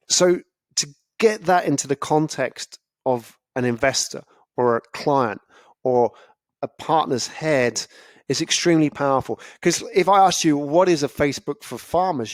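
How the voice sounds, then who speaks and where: A man giving a casual, animated talk about storytelling, often acting out other people's reactions. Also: a little high, no echo, clean studio sound. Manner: animated, acts out listeners' reactions. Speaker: speaker on storytelling.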